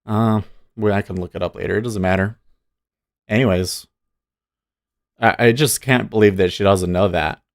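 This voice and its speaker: A man's voice: on the low side, fairly even intonation, moderate pace, pauses often, no echo. Guy on a trading stream going off w his opinions, dry close mic. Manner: opinionated, rambling, talks back to chat. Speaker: livestream day-trading host. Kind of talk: casual live-stream commentary.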